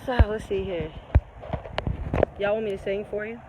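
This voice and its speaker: A woman hosts a casual live-stream Q&A, slightly congested, talking in an animated, preachy way and calling her listeners baby. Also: mid-range voice, moderate pace, very noisy. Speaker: livestream host answering viewer questions.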